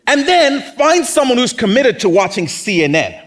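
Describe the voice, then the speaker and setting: A male pastor delivers a lively sermon, his voice sitting high and swooping through a wide, animated range. He talks to the congregation in a conversational way and often slips into acted-out voices of other people. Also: moderate pace, few pauses. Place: church.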